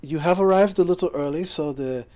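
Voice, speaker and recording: A man voicing a gentle, gracious noblewoman who speaks formally and earnestly, with halting phrasing, in a tabletop game. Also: fairly high pitch, voice pushed up, close to an everyday voice. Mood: polite hostess.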